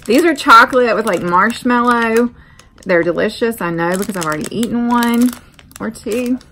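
Bright-voiced woman chatting on her porch. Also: on the high side, normal speed, a little hiss or hum. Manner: chatty, friendly, rambling asides. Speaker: vlogger. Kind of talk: casual chat. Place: outdoor porch.

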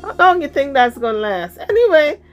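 Sassy, slightly hoarse woman gossiping. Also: high-pitched, sing-song, a little fast, soft background music. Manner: sassy, chatty, slangy, blunt. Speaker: gossip commentator. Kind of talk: casual celebrity gossip commentary.

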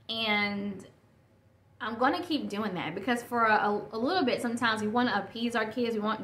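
A woman's voice: on the high side, a bit bright. A woman in her thirties hosting a casual solo podcast, rambling and correcting herself as she talks. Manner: rambling, self-correcting, chatty. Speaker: podcast host. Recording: echoey room with faint noise.

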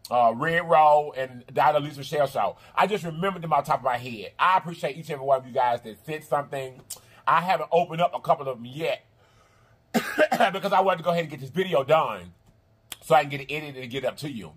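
A man with a high voice and a Southern American drawl talks casually to his viewers. He half sings his words in a looping, sing-song manner, repeating phrases as he goes. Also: fast, a bit bright, husky. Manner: drawling, repetitive, affectionate addresses to viewers. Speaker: mukbang channel host. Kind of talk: casual vlog chat to viewers.

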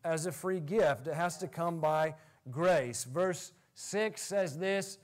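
A male pastor preaching a sermon in an animated way, laughing often as he talks. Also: on the high side, takes it slowly.

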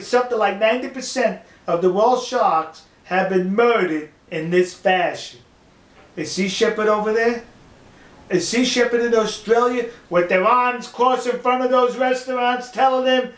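An older man hosting an opinion monologue, scornful and mocking, slowing down to stress his points. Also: extremely high pitch, roomy sound. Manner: scornful, mocking, slow emphatic delivery. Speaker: commentary video host.

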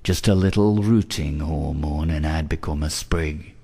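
A man's voice: extremely low pitch, measured pace, mellow, husky, heavily acted. A man voicing a lovestruck young man who gushes flowery endearments. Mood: earnest. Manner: theatrical, over-the-top romantic.

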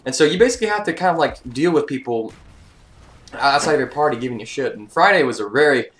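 A young man talks fast and loosely as a gaming YouTuber, stumbling through restarts and fillers. His pitch sits mid-range. There is a faint hiss behind his voice. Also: lively intonation, fairly bright tone. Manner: rambling, many fillers and restarts. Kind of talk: casual commentary over gameplay.

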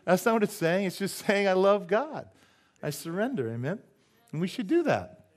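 Joking pastor guy preaching in church, kinda high voice, keeps asking amen. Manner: animated, joking, asks the congregation "amen?"; does quick silly voices and sound effects. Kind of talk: sermon. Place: church sanctuary.

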